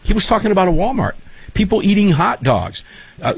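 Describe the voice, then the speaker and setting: A man hosting a casual talk show, telling animated, enthusiastic stories. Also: sits high, brisk, creaky, breathy edge, no room sound. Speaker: show host.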